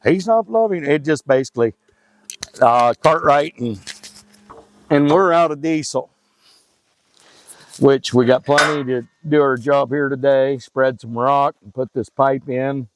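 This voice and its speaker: A man's voice: medium pitch, steady tone, a little slow, pauses often, poor audio. Folksy joking middle-aged man outdoors. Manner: folksy, joking, rambling Southern talk. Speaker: hunting club owner. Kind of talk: casual outdoor vlog talk. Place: outdoors by a river in the woods.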